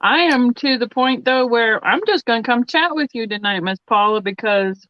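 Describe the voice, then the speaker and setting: A woman's voice: fairly high pitch, normal speed, no room sound, muffled recording. A woman chatting casually on a live stream, rambling and trailing off mid-sentence. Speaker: regular viewer on the stream.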